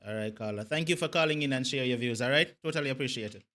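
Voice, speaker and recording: A man hosting a live call-in show, taking callers briskly and reassuringly. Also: mid-range voice, sharp tone. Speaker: host.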